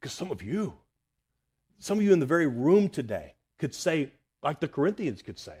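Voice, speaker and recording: A man preaching a sermon earnestly, rising to loud emphasis and dropping to hushed, near-whispered lines. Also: fairly high pitch, very animated, normal speed, slightly rough. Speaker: pastor.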